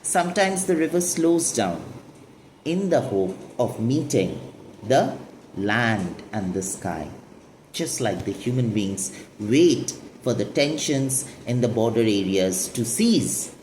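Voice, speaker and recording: A woman's voice: a bass voice, expressive, slow, darkish tone, a little hiss or hum. A woman teaching a poetry lesson, explaining the lines and asking and answering her own questions. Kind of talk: literature lesson explaining a poem.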